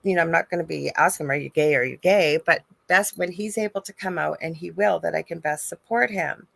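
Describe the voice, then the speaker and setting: A woman's voice: lowish voice, fairly quick, creaky, a bit bright, no echo. A middle-aged woman from Canada, a psychic medium guest, chatting in a talkative, storytelling way on a remote call. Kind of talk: casual podcast chat.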